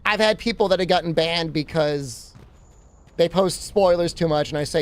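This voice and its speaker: A man with a slightly high voice speaks at normal speed while streaming a game. He keeps up a casual, rambling, joking conversation with his chat as he plays.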